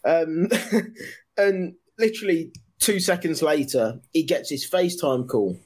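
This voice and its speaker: A man's voice: on the high side, unhurried, a little mellow. An English man telling a funny story in casual chat, laughing and swearing as he quotes people. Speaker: podcast host telling a story. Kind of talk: casual anecdote.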